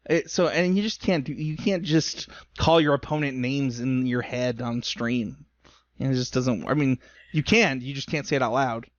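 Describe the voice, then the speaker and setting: A man's voice: mid-range voice, fairly even intonation, moderate pace, no echo, muffled recording. A man co-hosting a podcast in casual chat, rambling and self-deprecating, talking openly about his feelings. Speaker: podcast co-host. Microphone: remote call recording.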